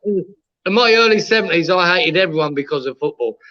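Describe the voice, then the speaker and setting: A man's voice: on the high side, expressive, fast talker, sharp tone. Sweary older man, muffled sound. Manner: blunt, sweary, matter-of-fact. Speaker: co-host. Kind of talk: casual chat.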